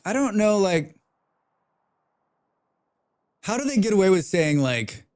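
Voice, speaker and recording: Animated, rambling male game streamer. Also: high-pitched, slow pace, clear, resonant tone. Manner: rambling, profane, reads chat aloud. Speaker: livestreamer. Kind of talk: casual game stream chat.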